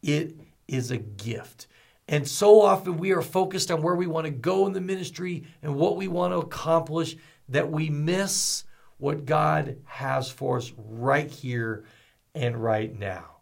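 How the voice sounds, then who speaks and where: A man hosting a ministry podcast, talking in an energetic, storytelling way with folksy asides. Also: fairly high pitch, a little slow, gravelly. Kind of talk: motivational podcast talk.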